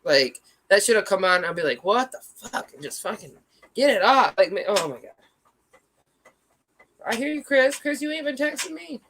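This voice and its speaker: A woman's voice: mid-range voice, lively intonation, normal speed, pauses often, fairly bright tone, slight background noise, poor audio. A woman in her thirties chatting casually on a livestream, rambling, reacting to chat and swearing freely.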